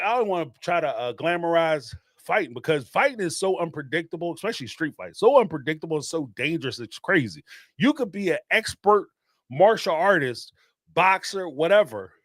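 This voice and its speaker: Brief: middle-aged male host, high-pitched, dry close mic, emphatic slangy commentary. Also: dry recording. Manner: animated and emphatic, street slang, repeats phrases for emphasis. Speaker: host of a live call-in show. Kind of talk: casual spoken commentary.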